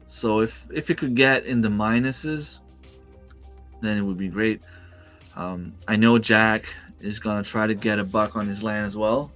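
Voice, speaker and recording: His voice is lowish and fairly bright, unhurried, with soft music playing behind. As a livestream host at home using a desk mic, he chats with viewers and responds to their comments, rambling with frequent fillers and restarts.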